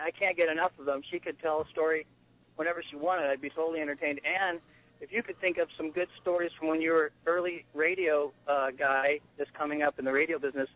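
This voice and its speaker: Halting, admiring man on the phone. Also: fairly high pitch. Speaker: radio caller. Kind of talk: phone call to a radio show. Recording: tinny phone line.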